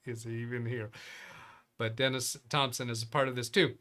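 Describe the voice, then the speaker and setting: A man's voice: medium pitch, flat delivery, normal speed, sharp tone. A man hosting a live computer-help stream in casual chat, rambling and thinking aloud as he reads viewer emails. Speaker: host of a live Windows help show.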